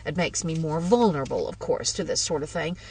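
A woman's voice: low-pitched, fairly quick, darkish tone, husky, far from the mic. A woman voicing an eager, meddlesome older woman who gushes breathlessly about ghosts, in a storybook reading. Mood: excited. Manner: gushing, breathless, triumphant.

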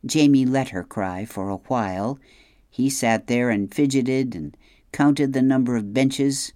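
Woman narrator for an audiobook: low-pitched, unhurried, dry close recording. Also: warm tone, no room sound. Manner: measured, unhurried.

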